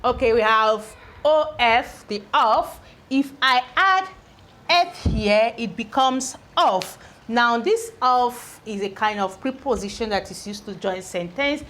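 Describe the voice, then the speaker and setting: Slow, patient woman English teacher. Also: fairly high pitch, animated, a bit bright. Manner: repeats each word several times, ends points with "okay?". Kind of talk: spelling and phonics lesson.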